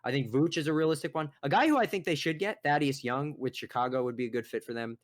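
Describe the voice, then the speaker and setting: A young man co-hosting a casual sports podcast, ranting in a profane, exasperated, animated way. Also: on the high side, fast talker. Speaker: podcast co-host.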